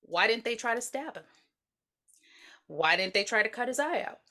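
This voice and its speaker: A woman's voice: on the high side, expressive, moderate pace, pushed and bright. A woman co-hosting a casual podcast, breaking into the recap with blunt, sarcastic remarks. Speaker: podcast co-host.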